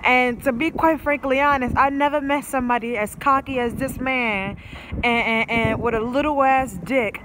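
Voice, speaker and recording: A woman's voice: sits high, steady tone, normal speed, a bit bright, slight background noise, poor audio. A woman vlogger telling a storytime rant in a blunt, profane, emphatic way.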